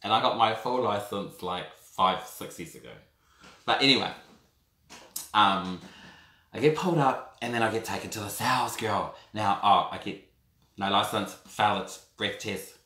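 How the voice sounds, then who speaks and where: A man in his thirties with a New Zealand accent, telling a personal story to camera in a camp, animated way and often calling the listener "girl". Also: on the low side, normal speed. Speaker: vlogger. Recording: roomy echo.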